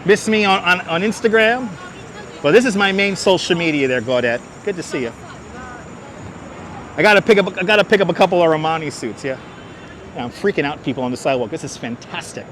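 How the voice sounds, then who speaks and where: A man's voice: fairly high pitch, a little fast, a bit bright. A man livestreaming while walking city streets, giving joking, sarcastic running commentary on a clip-on mic. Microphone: wireless clip-on mic. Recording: outdoor traffic noise.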